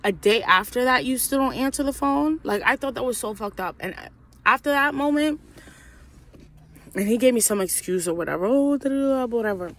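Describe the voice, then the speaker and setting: Young woman, casual storytime vlogger: profane, animated venting, acts out the voices in her story. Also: fairly high pitch, moderate pace.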